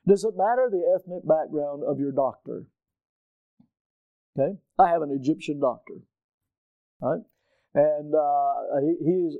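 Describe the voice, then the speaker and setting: A middle-aged male pastor preaching a sermon, emphatic and questioning his listeners, rising loud on key points. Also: a little high, no room sound, narrow, tinny audio.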